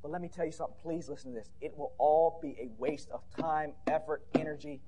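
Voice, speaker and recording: A man preaching a fiery sermon at a church conference, building to shouted peaks with repeated rhetorical questions. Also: a little high, fairly even intonation, a little fast, background noise.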